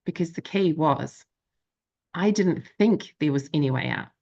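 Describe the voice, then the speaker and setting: Woman in her thirties, low voice, reflective confessional storyteller, slightly dull lo-fi sound. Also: expressive, measured pace, gravelly, a little mellow. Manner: reflective, confessional, many fillers and quoted inner voices. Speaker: life coach and show host. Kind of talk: candid personal storytelling to an audience.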